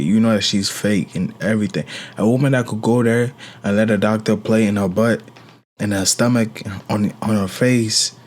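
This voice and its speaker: A man's voice: mid-range voice, darkish tone. A man giving casual reaction commentary, incredulous and questioning, often repeating himself.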